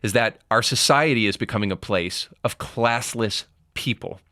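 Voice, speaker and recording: A man's voice: lowish voice, moderate pace, bright, forceful tone, no room sound, clean studio sound. A man hosting a commentary show, reading an article aloud and adding blunt, moralizing remarks with sarcastic asides.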